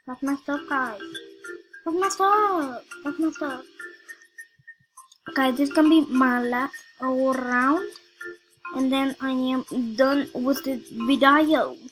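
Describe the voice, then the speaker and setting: A woman giving excitable, casual commentary on a video game she is playing, talking straight to her viewers and often repeating herself. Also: sits high, takes it slowly, poor audio. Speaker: gaming video creator. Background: music.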